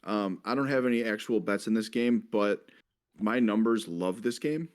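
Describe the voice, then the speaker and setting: A man's voice: on the low side, moderate pace, a little mellow. Man hosting a sports betting show. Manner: leads the segment, reels off stats. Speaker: host. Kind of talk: casual sports betting chat.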